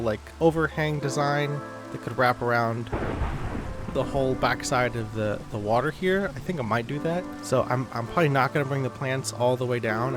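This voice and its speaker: A man giving casual, rambling commentary while playing a building game, often correcting himself and getting sidetracked. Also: medium pitch. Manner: rambling, self-correcting, easily distracted. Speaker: gaming YouTuber. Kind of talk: casual let's-play commentary. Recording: background music.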